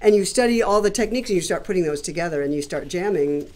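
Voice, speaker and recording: A woman's voice: on the low side, animated, fast talker, dark tone. Female guest expert, casual explainer. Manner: agreeable, explanatory. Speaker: guest songwriting teacher. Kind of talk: casual chat about songwriting.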